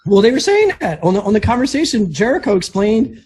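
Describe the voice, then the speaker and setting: A man co-hosting a casual podcast chat, telling stories in a rambling, animated way with many restarts. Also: high-pitched, fairly quick, few pauses, slightly rough. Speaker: podcast co-host.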